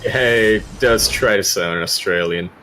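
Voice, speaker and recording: A man's voice: fairly low pitch, slow, bright, forceful tone, slight background noise, rough recording. A man casting a live strategy game tournament with playful, jokey banter. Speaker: esports caster. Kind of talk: casual live game commentary.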